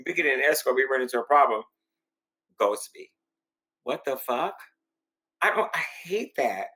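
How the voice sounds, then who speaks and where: A man with a Southern US accent, a podcast guest telling stories in casual, animated chat and swearing freely. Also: medium pitch, normal speed, low-quality recording. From born in Indianapolis, raised around the US South. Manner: animated storyteller, swears freely, acts out quotes.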